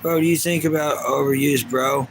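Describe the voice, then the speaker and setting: A man in his 30s livestreams with fairly even intonation, his voice a little high and his speed normal, while a little hiss or hum runs underneath. He rambles casually through viewer comments, restarting often.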